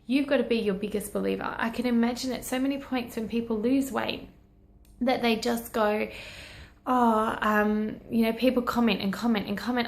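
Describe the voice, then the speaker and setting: A woman's voice: on the high side, normal speed, echoey room. A woman, talking earnestly into a phone held at arm's length, rambling and encouraging herself and her audience. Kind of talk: personal selfie video talk.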